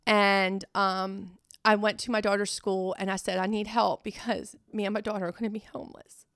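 Middle-aged woman guest, gravelly mid-pitched voice, dry close sound; halting, emotional personal story. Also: level tone, a bit bright, no echo. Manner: halting, tearful storytelling with many fillers. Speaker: guest sharing her testimony.

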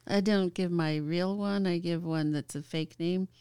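Woman guest, smooth clear voice, chatty storyteller who pauses with fillers, dry close sound. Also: on the low side, steady tone, dark tone, no echo. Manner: chatty, laughing often, halting with fillers. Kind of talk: casual storytelling.

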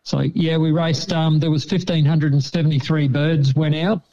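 A man's voice: a little high, fairly even intonation, moderate pace, warm tone. A man calling in to report racing results, hesitant and matter-of-fact. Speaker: pigeon racing correspondent, caller. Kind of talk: reading results by phone. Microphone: phone line. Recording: dull phone line.

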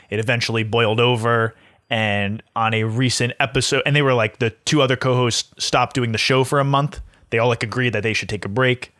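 A man's voice: mid-range voice, a bit bright, no room sound. Casual profane podcast man, dry mic. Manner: chatty, profane, quick recaps with filler words. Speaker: podcast co-host. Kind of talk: casual chat.

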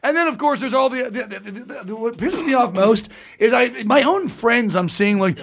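A man's voice: extremely high pitch, expressive, moderate pace, fairly bright tone. A man co-hosting a studio comedy podcast, rambling and ranting profanely in casual chat. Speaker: podcast co-host.

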